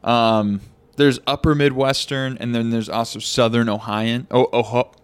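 A man's voice: medium pitch, steady tone, measured pace, clear, resonant tone, no room sound. A man hosting a casual podcast chat, talking hesitantly with many restarts. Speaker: podcast host.

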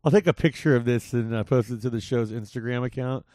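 A young man hosting a podcast, chatting loosely and swearing freely. His voice sits at an ordinary middle pitch and sounds dry and close, with no room around it. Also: quick pace, mellow, no echo. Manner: laid-back, swears a lot, says dude often. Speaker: podcast host. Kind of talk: casual chat. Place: home in Las Vegas.

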